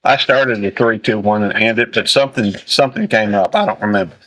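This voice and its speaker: A man hosting a casual livestream while eating, talking in a rambling, halting way full of fillers and restarts. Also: fairly low pitch, fairly bright tone, rough recording. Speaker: livestream host.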